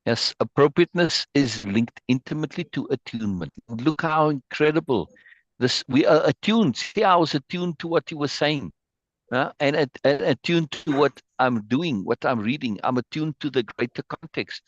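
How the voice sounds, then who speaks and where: A man's voice: a little high, expressive, moderate pace, no room sound, dull audio. A man leading an online meeting, emotionally praising a poem and reading it aloud, repeating words as he goes. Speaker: spiritual group leader. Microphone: video call.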